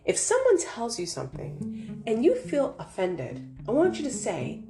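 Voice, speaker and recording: A woman from New York giving casual motivational advice, animated and confrontational, acting out voices as she tells stories. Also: on the high side, measured pace, over music. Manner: animated, confrontational storyteller who acts out voices. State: hard of hearing. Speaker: vlogger.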